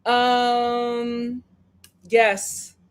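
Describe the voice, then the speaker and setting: A woman hosting a casual live-stream review, chatting and reading viewer comments with dramatic, animated retelling. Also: a little high, drawn-out words, clean tone.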